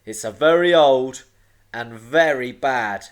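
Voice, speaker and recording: A man voicing a gloomy old giant cliff creature in a storybook read-aloud, rumbling and fretful. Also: slow, clear, resonant tone, close to an everyday voice. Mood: worried.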